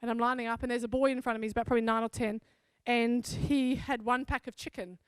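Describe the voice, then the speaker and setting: A woman's voice: fairly high pitch, fairly even intonation, quick pace, clean tone, dry recording. A woman pastor from South Africa giving a sermon, telling a personal story in an earnest, conversational way.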